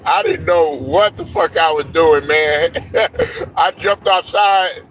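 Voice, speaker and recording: A man's voice: fairly high pitch, takes it slowly, fairly bright tone, a little hiss or hum. A young man hosting a casual sports talk show, telling stories loosely with slang, cursing and laughs.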